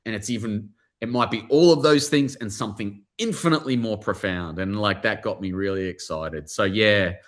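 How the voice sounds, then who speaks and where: A man with an Australian accent, an author speaking warmly and excitedly in a live online interview, with many restarts and fillers. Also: fairly low pitch, moderate pace, few pauses. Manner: animated, effusive, lots of restarts and fillers. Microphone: video call.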